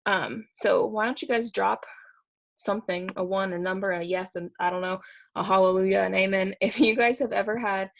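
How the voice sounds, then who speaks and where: A young woman giving a fired-up motivational talk to her sales team, repeating her points with quick laughs. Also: mid-range voice, steady tone, vocal fry. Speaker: network marketing team leader.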